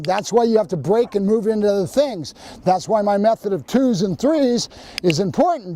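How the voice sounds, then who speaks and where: A man's voice: high voice, mellow, a little hiss or hum. A man, a professional dog trainer, explaining his training methods plainly and directly to viewers. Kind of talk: instructional training video.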